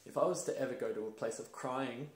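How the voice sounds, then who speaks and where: A man's voice: medium pitch, fast, noisy background. A young man hosting a casual talk, telling stories with energy and acting out other voices. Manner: animated storytelling, acts out voices and laughs. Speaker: host. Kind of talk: casual conversation about masculinity. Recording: roomy echo.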